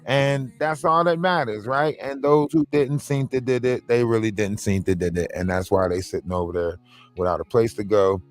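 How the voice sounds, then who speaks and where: A man hosting a casual gossip livestream, his voice mid-pitched and animated as he mocks and riffs in loose slang. Soft music plays faintly under the talk. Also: moderate pace. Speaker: livestream host.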